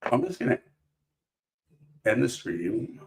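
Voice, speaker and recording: Opening trading cards on a relaxed live stream, this man talks slowly in a medium-pitched, sing-song voice with vocal fry. His talk wanders, packed with fillers and self-interruptions as he starts over.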